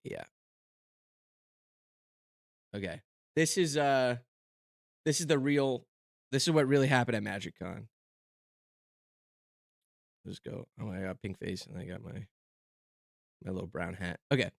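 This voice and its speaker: A man's voice: lowish voice, moderate pace, vocal fry, pauses often, no room sound. Young male streamer, self-mocking rambler, close and dry sound. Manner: rambling, lots of fillers and restarts. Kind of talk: casual stream chat.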